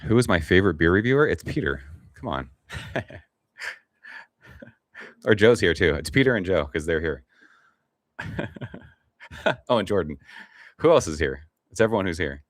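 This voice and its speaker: A middle-aged man hosts a laid-back live stream, rambling casually and swearing now and then as he reads the chat. His voice sits low, and the recording is dry.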